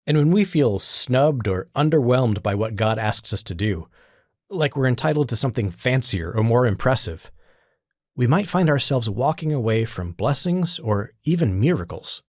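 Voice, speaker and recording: A man hosts a scripted devotional podcast and retells a Bible story with emphatic, conversational storytelling. His pitch moves a lot, rising and falling with the story. The recording is close and dry, with no room sound. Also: a little mellow, dry recording. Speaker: podcast host.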